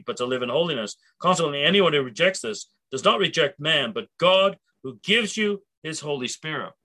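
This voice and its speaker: A man's voice: a little high, bright, forceful tone. A man teaching a church Bible seminar in a conversational way, with frequent restarts and asides.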